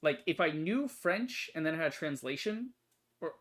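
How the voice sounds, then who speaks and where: A man's voice: a little high, lively intonation, normal speed, fairly bright tone. A young man hosting a gaming channel, chatting casually through a game demo in a rambling way, full of fillers and self-corrections. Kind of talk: casual let's-play commentary.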